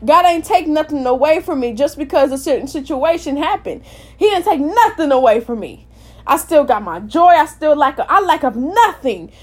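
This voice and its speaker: Woman, high voice, impassioned informal sermon, repetitive, loud then soft. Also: animated, moderate pace. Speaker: preacher.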